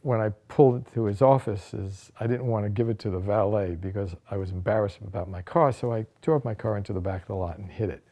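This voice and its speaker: A man, an author, telling a first-person story from his own life, his voice rising and getting louder at the dramatic moments. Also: on the low side. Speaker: author recounting a personal anecdote.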